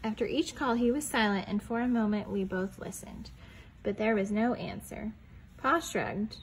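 A young woman reading a picture book aloud to preschoolers in a gentle storytelling voice, stopping to ask the children questions and dropping to a whisper on the quiet lines. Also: medium pitch, moderate pace, a little hiss or hum, rough recording.

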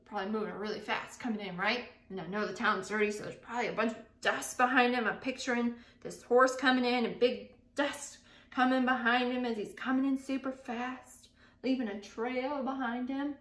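Bright-voiced teacher reading aloud. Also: female voice, a little high, steady tone. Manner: pauses to think aloud and describe what she pictures. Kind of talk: reading a picture book aloud to students. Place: classroom. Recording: echoey room.

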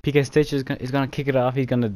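A man's voice: mid-range voice, level tone, rapid-fire, a little mellow, slight background noise. A man hosting a casual gaming video, laughing at himself and saying "you know" a lot. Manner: giggly, self-mocking, says "you know" often. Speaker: YouTube gaming host. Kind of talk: casual gaming chat with impressions.

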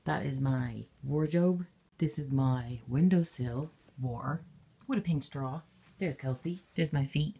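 A woman's voice: a bass voice, slow pace, creaky, dark tone, slightly rough. A young woman vlogging casually from her bedroom with a handheld camera, rambling with offhand, sarcastic asides. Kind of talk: casual vlog chat.

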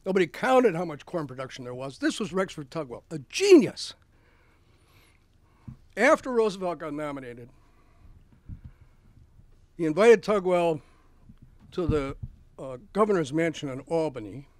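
A man's voice: a little high, very animated, a little slow, pauses often, dry recording. A male author giving a book talk, telling history as anecdotes. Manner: anecdotal storytelling with acted quotes. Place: bookstore event.

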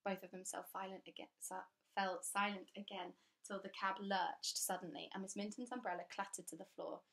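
A woman reading a children's story aloud with clear, steady, expressive storytelling. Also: medium pitch, fairly quick. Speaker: audiobook reader.

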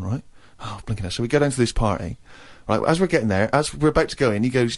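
A man's voice: medium pitch, animated, fast talker, few pauses. A man in his thirties, co-hosting a radio podcast and telling a comic anecdote, acting out other people's lines. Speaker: co-host.

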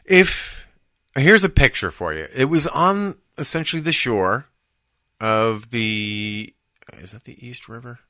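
A middle-aged man co-hosting a podcast, telling a story in casual chat with lots of restarts and bursts of excitement. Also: mid-range voice, slow pace, dry recording, studio quality. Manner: rambling, restarts, animated when excited. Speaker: podcast co-host.

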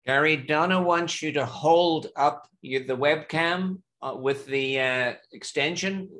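A man moderating an online session, briskly reading out audience questions and keeping time. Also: fairly high pitch, a bit bright. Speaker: webinar moderator.

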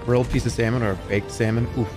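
An upbeat man chats with friends while they play a game together, throwing questions to the group. Game music is clearly heard behind him. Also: medium pitch, flat delivery, very fast. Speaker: streamer. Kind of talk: casual chat while playing a game.

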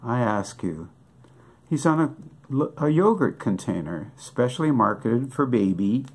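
Older man, comic monologue, slow deliberate delivery, wry, rhetorical questions. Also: mid-range voice, very animated, husky. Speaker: comic songwriter. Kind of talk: joking monologue with props.

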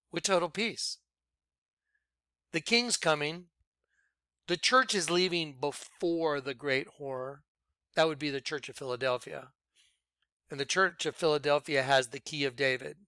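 An animated man preaching informally to his followers, laughing and lurching between loud outbursts and quiet asides. His voice is bright and crisp, pitched a little high, and it sounds close and dry. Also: no room sound. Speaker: ministry leader.

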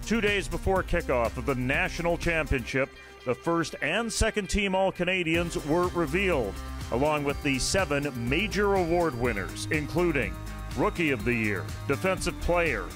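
Male announcer, scripted read, slightly high voice, music behind. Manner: polished, promotional. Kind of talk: scripted narration.

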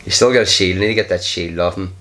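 A man's voice: low-pitched, fast talker, fairly bright tone. A man commenting casually on his own game play, muttering in frustration, sighing and swearing under his breath. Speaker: gaming channel host.

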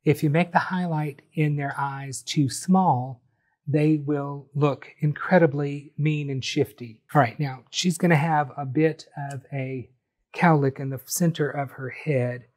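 A man calmly talking through a step-by-step painting tutorial, explaining each brushstroke as he goes. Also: a little high. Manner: friendly, unhurried, explains each brushstroke as he works. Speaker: painting instructor.

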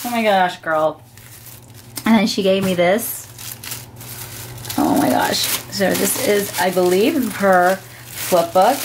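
A woman hosting her crafting channel, chatting casually as she opens packages and gushes with excitement. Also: medium pitch, measured pace, gravelly, slight background noise. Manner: gushing, gasping with excitement. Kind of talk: casual unboxing vlog.

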